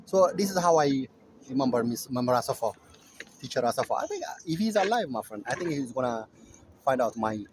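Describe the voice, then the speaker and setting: Man, from Ethiopia, rambling storyteller, lively swinging voice, outdoor noise behind. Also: medium pitch, brisk. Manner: rambling, keeps adding "my friend" and "okay?". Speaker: vlogger. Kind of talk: casual storytelling. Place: outdoors in a park feeding doves.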